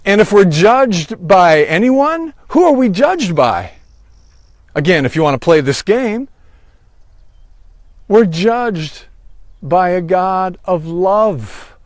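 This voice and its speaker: A man giving a sermon, slow and deliberate, rising on emphatic phrases. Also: on the high side, no echo, clean studio sound. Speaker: pastor.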